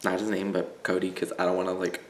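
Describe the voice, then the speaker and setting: A teenage boy from Illinois chats through a casual vlog, his voice sitting a little low and full of "like" and restarts. The room around him gives his voice a noticeable echo. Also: completely flat delivery, fast talker. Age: teens. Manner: rambling, filler-heavy, full of "like". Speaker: vlogger.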